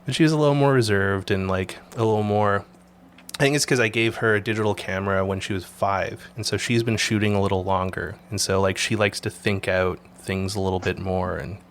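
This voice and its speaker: A man from Canada hosting a casual photography chat, telling animated stories and swearing freely. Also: fairly low pitch, fairly quick, a little hiss or hum. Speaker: podcast host.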